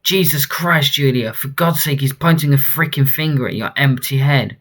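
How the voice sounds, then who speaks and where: A man's voice: mid-range voice, normal speed, fairly bright tone, close to an everyday voice. A man voicing an arrogant male bank manager from a comic who berates his staff curtly. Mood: scornful. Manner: curt, contemptuous, berating.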